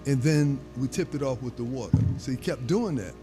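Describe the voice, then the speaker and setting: A man's voice: medium pitch, a little fast, music in the background. A man who is a guest on a talk show, explaining his holistic health approach and checking in with "okay?" after each point.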